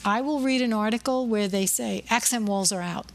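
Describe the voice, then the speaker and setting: A middle-aged woman hosts a podcast in a relaxed, conversational way. She is opinionated and chatty and likes to tell anecdotes from her own career. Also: fairly high pitch, moderate pace. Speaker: podcast host. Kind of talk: casual interview chat.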